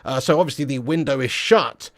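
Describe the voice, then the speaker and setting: A man's voice: mid-range voice, a little fast, dry recording. A man hosting a live-stream fan chat, talking in casual, slangy banter with the odd swear word. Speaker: football channel host.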